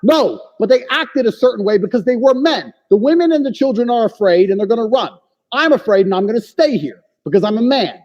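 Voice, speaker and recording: Blunt, forceful man with a lively voice. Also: extremely high pitch, a little fast. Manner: forceful, profane, lectures with emphatic claims. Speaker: podcast guest. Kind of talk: blunt opinionated conversation. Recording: long reverb, dull lo-fi sound.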